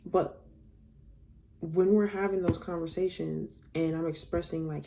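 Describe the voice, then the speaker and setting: A woman's voice: low voice, little pitch movement, normal speed, creaky, dark tone, slight background noise. A young woman casually telling a storytime to her viewers, reading out text messages, candid and blunt, swearing freely.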